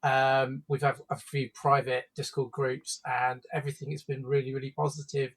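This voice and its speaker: A man's voice: mid-range voice, level tone, moderate pace, rough recording. A man co-hosting a live stream in casual chat, rambling with many fillers and restarts. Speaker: stream co-host.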